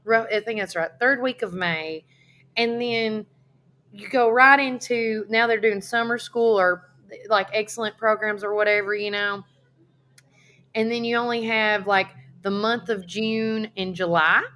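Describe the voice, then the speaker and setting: A woman's voice: medium pitch, fairly even intonation, measured pace, bright, forceful tone. Give me a chatty woman co-hosting a local talk stream. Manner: chatty storyteller, reads listener comments aloud. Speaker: radio co-host. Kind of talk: casual live-stream chat.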